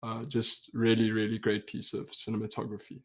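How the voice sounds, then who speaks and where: A man's voice: on the low side, monotone, normal speed. Easygoing young South African man. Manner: easygoing, reflective, laughs easily. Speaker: podcast co-host. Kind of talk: casual chat.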